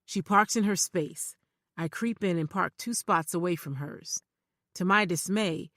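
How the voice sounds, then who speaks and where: A woman narrating a thriller audiobook in first person, measured and even. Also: fairly low pitch, no room sound, clean studio sound.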